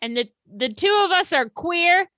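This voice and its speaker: A woman improvising comedy scenes on a livestream, playful and deadpan. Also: very high voice, moderate pace, no echo, clean studio sound. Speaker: improv performer and podcast host.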